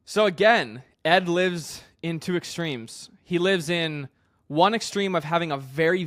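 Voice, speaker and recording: A man with a fairly high voice talks through a singing lesson as a vocal coach. He explains in a relaxed, chatty way, full of fillers and restarts. The sound is close and dry, with little room echo. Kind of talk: singing lesson with sung demonstrations.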